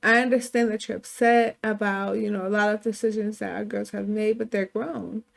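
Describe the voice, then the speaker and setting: A woman voicing a calm middle-aged husband and father in a life-sim game story, soothing and reasoning with his wife. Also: medium pitch, normal speed, vocal fry, close to an everyday voice. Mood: pleading.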